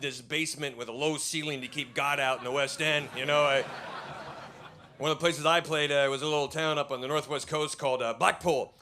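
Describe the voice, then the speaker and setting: A man's voice: a little high, steady tone, fairly quick, sharp tone. An American man from Idaho doing a profane, mocking stand-up comedy set before a live audience in a comedy club basement. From Idaho, USA.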